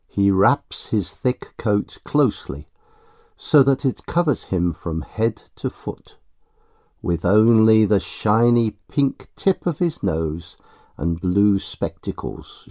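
A man narrating a story in a slow, expressive reading style. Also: on the low side, dry recording, studio quality.

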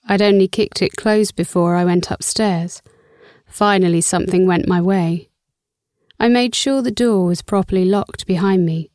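A young woman with a lowish, mellow voice reads a first-person story with wry, sarcastic bite and casual swearing. The recording is dry and close on a studio mic, with no room sound. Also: moderate pace, no room sound. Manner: wry, sarcastic and freely profane. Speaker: audiobook narrator.

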